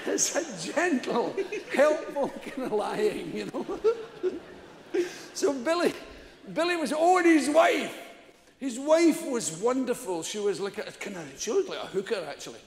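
A man's voice: very high voice, big pitch swings, measured pace. An older Scottish man telling a stand-up story, laughing often, swearing freely and acting out the people he quotes. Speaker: stand-up comedian. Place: large theatre stage. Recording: echoey hall, live stage recording.

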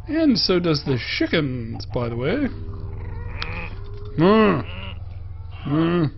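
A man's voice: a little high, huge pitch swings, extremely slow, gravelly, dull audio, a little hiss or hum. A man with a Pittsburgh accent giving casual gameplay commentary as a game reviewer, chatting playfully to the animals he passes.

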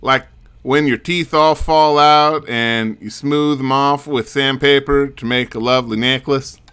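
A man voicing a brawny, boisterous male monster hunter in a put-on Scottish accent with a gruff, loud brogue. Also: medium pitch, fairly even intonation, measured pace. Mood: gleeful.

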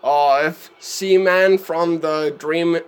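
A man's voice: on the high side, steady tone, takes it slowly, clear, resonant tone. A man streaming live gameplay commentary, chatty and easily exasperated, laughing often at what happens on screen.

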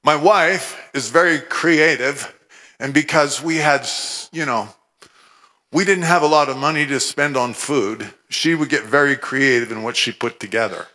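A man from Oregon giving a humorous, animated testimony sermon, with scripture recited fervently. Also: mid-range voice, measured pace. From Oregon, USA. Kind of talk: storytelling sermon.

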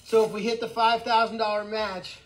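A man hosting a casual live vlog outdoors on an animal sanctuary farm, talking in an excitable, rambling way. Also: sits high, brisk, low-quality recording.

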